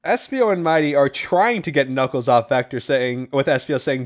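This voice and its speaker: A man's voice: a little high, animated, moderate pace, hardly any pauses. Laid-back male podcast host recapping comics. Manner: recaps plots, swears, laughs often.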